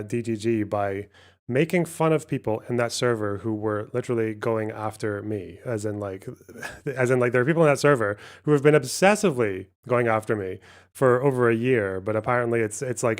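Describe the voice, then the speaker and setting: A man's voice: mid-range voice, normal speed. A man hosting a livestream, talking in a casual, rambling way with frequent swearing and restarts. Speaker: livestream host.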